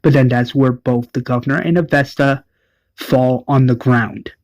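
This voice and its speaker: A man casually retelling an episode, rambling with lots of "like" and quick self-corrections. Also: medium pitch, darkish tone, no room sound, low-quality recording. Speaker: show recap narrator.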